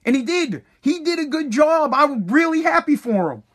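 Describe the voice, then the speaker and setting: A man's voice: very high voice, very animated, moderate pace, a bit bright. A man in his thirties telling a casual story about his son, blunt and swearing freely. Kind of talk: casual monologue.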